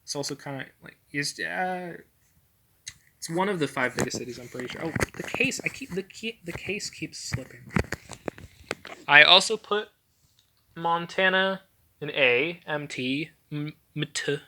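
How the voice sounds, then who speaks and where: A man's voice: fairly high pitch, measured pace, pushed and bright, slight background noise. A young man casually talking over a map, rambling with lots of fillers and self-corrections as he ranks things. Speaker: vlogger.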